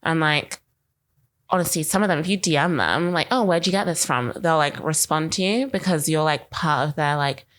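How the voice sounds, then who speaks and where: A young woman with a low, fairly bright voice speaks at a moderate pace while co-hosting a marketing podcast. Her casual chat rambles along, and she says "like" constantly.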